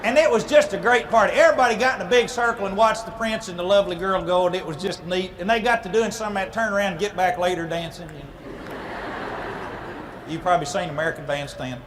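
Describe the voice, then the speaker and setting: Guy telling a funny story live, folksy, makes sound effects, high voice, noisy tape. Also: fast talker, long reverb tail. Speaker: comic storyteller. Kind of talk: humorous storytelling to a live audience.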